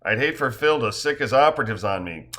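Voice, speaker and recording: A man's voice: mid-range voice, animated, fast talker, a bit bright, natural voice. A man doing a corny, joking guy. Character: playful jokey man, corny humor.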